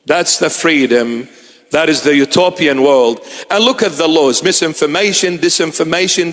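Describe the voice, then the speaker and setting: Male preacher, high-pitched, emphatic and repetitive, long church echo. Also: moderate pace, fairly bright tone. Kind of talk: sermon. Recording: long reverb of a large hall.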